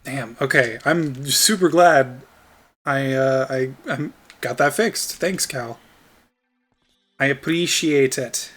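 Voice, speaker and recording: Bright-voiced male streamer chatting over gameplay. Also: medium pitch, takes it slowly, soft background music. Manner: rambling, laughs often, filler-heavy. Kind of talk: casual gameplay chat.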